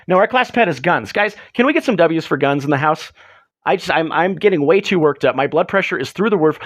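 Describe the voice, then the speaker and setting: A man's voice: high-pitched, a bit bright, dry recording, clean studio sound. A man hosting a livestream in a rambling, profane, mock-ranting chat. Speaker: livestream host.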